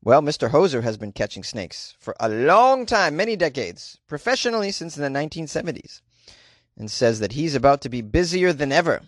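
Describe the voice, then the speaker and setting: A wisecracking man reads news items and riffs on them with sarcasm. His voice sits a little high, and he laughs at his own jokes. The recording is dry and close. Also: very animated, brisk, dry recording. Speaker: comedic news commentator. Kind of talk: reading news with joking commentary.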